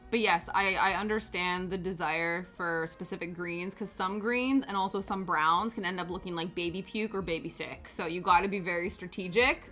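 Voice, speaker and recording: A woman's voice: fairly low pitch, normal speed, few pauses, sharp tone. Chatty woman knitting on a stream. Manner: chatty, rambling, laughs often. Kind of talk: casual chat while knitting. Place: home, on a sofa. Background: faint background music.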